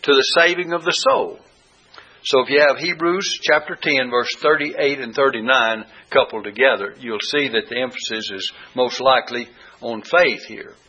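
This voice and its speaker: A man's voice: mid-range voice, normal speed, sharp tone, husky. A man teaching a Bible study lesson, reading verses aloud and repeating key words with rising emphasis. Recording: dull lo-fi recording.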